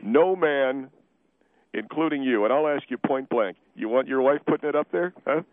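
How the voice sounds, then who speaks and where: A man's voice: mid-range voice, normal speed, dry recording, narrow, tinny audio, lightly acted. A man voicing a defensive, blustering middle-aged male steakhouse owner who keeps repeating himself in a radio comedy bit. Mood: indignant. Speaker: guest.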